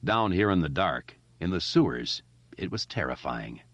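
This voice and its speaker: A man reading a horror novel aloud as audiobook narration, measured and dramatic, in a slightly dull, lo-fi recording. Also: sits low, very animated, a bit bright, no room sound.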